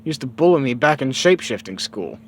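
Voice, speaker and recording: A man voicing a small male shapeshifting floating cat with an excitable, squeaky manner. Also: brisk, a little hiss or hum, natural voice. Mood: eager.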